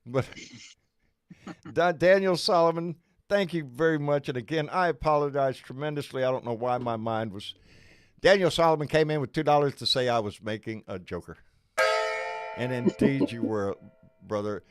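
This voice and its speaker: A man's voice: mid-range voice, normal speed, clean tone, no room sound, studio quality. An older man co-hosting a livestream, chatting casually and swearing freely with apologetic asides. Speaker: livestream co-host. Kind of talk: casual political chat.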